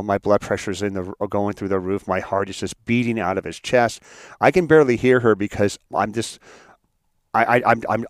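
Low-voiced guy telling his story to a crowd, stumbles and repeats words, dry close sound. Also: no room sound. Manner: halting, repeats words, heartfelt. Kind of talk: personal story in a motivational talk.

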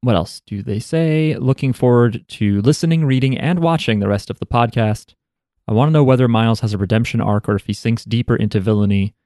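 A man's voice: medium pitch, fairly quick, dark tone, no room sound, studio quality. A young adult man co-hosting a podcast, reading listener mail and riffing with playful, jokey asides. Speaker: podcast co-host. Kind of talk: casual chat, reading listener emails.

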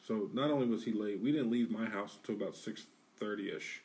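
Animated, profane man telling a story. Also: fairly low pitch, brisk, far from the mic. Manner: animated, profane, acts out quotes. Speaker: podcast co-host. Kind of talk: casual storytelling.

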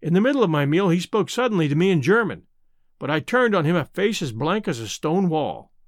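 A man narrating a classic adventure novel in the first person, with measured storytelling. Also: on the high side, very animated, no echo, clean studio sound. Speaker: audiobook narrator.

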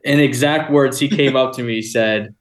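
A man's voice: medium pitch, moderate pace. A young man, a podcast guest, telling a long, rambling hunting story in casual talk, often laughing.

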